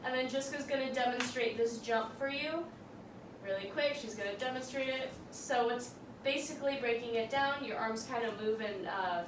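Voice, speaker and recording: A woman's voice: a little high, recorded from a distance. A young woman teaching a dance tutorial, upbeat and encouraging as she talks through and counts out the steps. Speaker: dance instructor. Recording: roomy, from off-mic, audible background noise.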